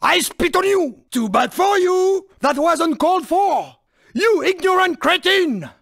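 A man's voice: extremely high pitch, sing-song, a little slow, vocal fry, a bit bright, no echo, studio quality, heavily acted. An actor playing a shifty little male French car in a video game, taunting rivals in a theatrical French accent. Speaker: game character.

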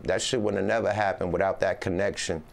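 A man's voice: low-pitched, fairly even intonation, quick pace, vocal fry. A man being interviewed as a rapper, talking in a loose, rambling way with Northern California slang and constant "you know what I mean". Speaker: rapper guest. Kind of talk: casual interview chat.

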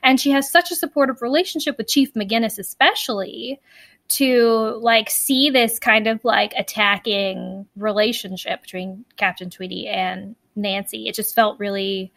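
A woman co-hosting a podcast in casual chat, talking fast and loose with lots of fillers and restarts. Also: a little high, vocal fry, fairly bright tone, no echo. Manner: chatty, many fillers and restarts. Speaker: podcast co-host.

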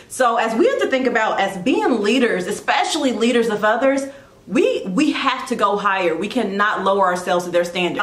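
A woman giving a casual devotional talk about leadership, animated and chatty, with quick asides and self-corrections. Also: mid-range voice, echoey room. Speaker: Christian blogger giving devotional teaching.

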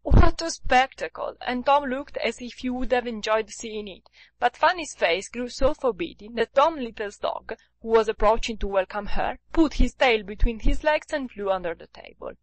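A woman narrates a classic novel with a steady storytelling read. Her voice sits fairly high, and the recording is dry, with no room sound. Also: normal speed, dry recording, low-quality recording. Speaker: audiobook narrator.

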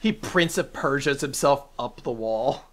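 A man's voice: medium pitch, lively intonation, measured pace, fairly bright tone, slight background noise. A man co-hosting a podcast, making offhand, hedging remarks in casual chat. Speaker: podcast co-host.

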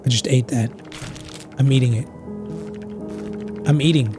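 A man giving let's play commentary as he plays, joking around in a crude, excitable way. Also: mid-range voice, unhurried, pauses often, over music. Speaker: gamer.

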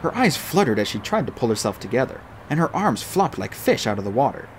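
A man reading a novel aloud as an audiobook narrator, with an animated, expressive delivery. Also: mid-range voice, a little fast, slight background noise.

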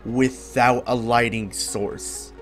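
A man's voice: medium pitch, steady tone, slow pace, faint music behind. A man hosting a gaming video, chatting casually and rambling upbeat, with the odd swear. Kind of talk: casual gameplay commentary.

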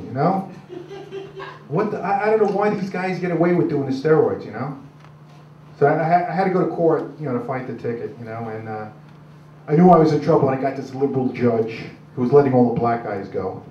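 A man's voice: mid-range voice, lively intonation, a little fast, slight background noise. A man doing a crude, rambling stand-up routine on a club stage. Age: 60s. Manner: crude, gruff, rambling with many "uh"s. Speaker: stand-up comic. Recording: roomy, distant, dull club recording.

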